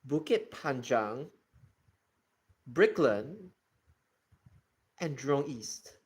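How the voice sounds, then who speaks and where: A man's voice: medium pitch, lively intonation, very slow, husky. A man from Singapore streaming a geography game, chatting casually and ranting about how people pronounce words. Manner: ranting, exasperated about pronunciation. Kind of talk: casual gaming commentary, reading chat.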